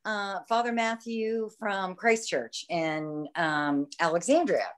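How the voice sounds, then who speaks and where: A woman's voice: mid-range voice, slow. A woman chatting in a bubbly, talkative way on a video call and laughing often. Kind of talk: casual video-call chat.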